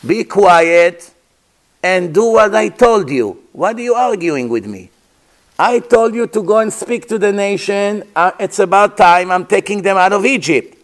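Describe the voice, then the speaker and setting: A man's voice: high voice, expressive, unhurried, voice pushed up. A man doing a stern impatient God. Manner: commanding, impatient scolding.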